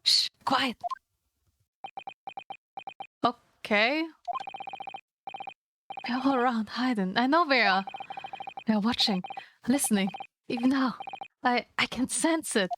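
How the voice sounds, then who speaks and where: A woman's voice: on the high side, unhurried, long pauses, noisy background, lightly acted. A woman voicing an eccentric male novelist prisoner who stammers through dramatic, paranoid outbursts. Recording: game music underneath.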